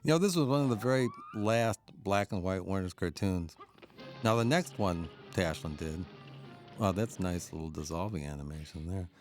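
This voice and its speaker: Low-voiced guy doing a chatty dvd commentary, chuckles a lot, quiet cartoon music under him. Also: moderate pace. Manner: chatty, chuckling often while explaining. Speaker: film historian giving commentary. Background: faint cartoon soundtrack.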